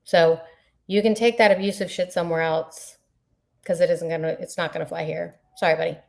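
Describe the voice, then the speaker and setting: A woman's voice: lowish voice, fairly even intonation, fairly quick, creaky, a little mellow. A woman co-hosting a casual chat show, blunt and exasperated, speaking plainly to listeners. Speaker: podcast co-host.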